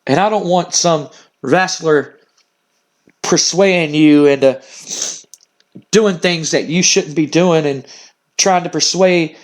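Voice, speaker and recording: A man's voice: fairly high pitch, slow, long pauses, pitched above the performer's own voice. A man voicing a domineering, stubborn wrestling boss scolding his daughter in a stern tone.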